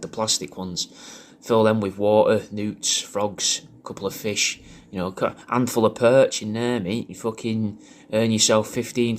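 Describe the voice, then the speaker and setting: A man with an English regional accent giving a rambling, crude, deadpan comic monologue as a personalised video message. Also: fairly low pitch. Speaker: comedic character doing a personalised video message.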